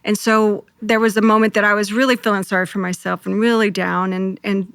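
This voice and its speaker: A woman, a co-pastor, telling a deeply emotional personal story in an earnest, heartfelt way, often quoting her own prayers. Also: level tone, brisk, a bit bright, clear, resonant tone, dry recording. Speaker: co-pastor and guest.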